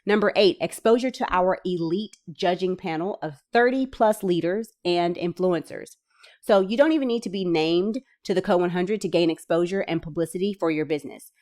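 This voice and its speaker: A woman reading out grant details and breaking in with chatty, excited commentary for her viewers. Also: on the low side, moderate pace. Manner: enthusiastic, chatty asides, bursts of excitement. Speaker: small business funding vlogger.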